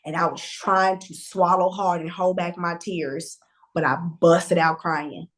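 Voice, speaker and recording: A woman guest telling a candid personal story in a conversational, animated way, with fillers and restarts. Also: lowish voice, unhurried.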